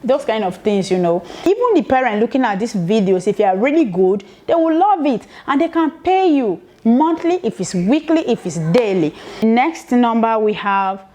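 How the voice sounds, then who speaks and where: Give me a Nigerian woman chatting through money tips in a casual vlog, with a warm, relaxed tone. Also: mid-range voice. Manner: chatty, rambling, conversational asides. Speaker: vlogger giving business tips.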